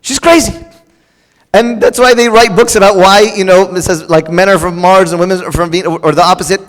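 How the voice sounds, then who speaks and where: A middle-aged man preaching with a notably high voice, his words trailing into the long reverb of a church hall. He talks casually and with animation, slipping into raised voices to act out quarrelling spouses. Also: fairly even intonation, fast talker. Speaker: pastor. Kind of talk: sermon.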